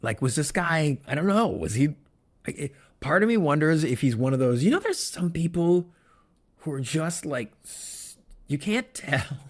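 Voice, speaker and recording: A man's voice: a little high, very animated, moderate pace. A man hosting a solo good-news podcast, chatting casually and wandering into joking, self-interrupting asides. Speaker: podcast host.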